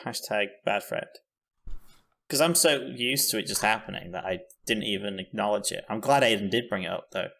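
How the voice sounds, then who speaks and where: A man's voice: lowish voice, brisk, pushed and bright. A man co-hosting a casual podcast, making dry, sarcastic quips. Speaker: podcast co-host. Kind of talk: casual chat.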